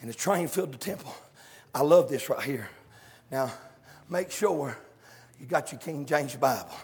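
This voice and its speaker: A male preacher, shouting and chanting a fiery revival sermon in a church, with calls to the congregation. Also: medium pitch, expressive, normal speed, vocal fry, slightly rough. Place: church sanctuary. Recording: echoey sanctuary with long reverb.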